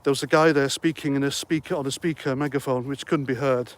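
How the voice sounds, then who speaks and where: Reading out comments on his casual livestream, a middle-aged host chats in a jokey, meandering way. He talks fast in a medium-pitched, steady voice and is a little winded.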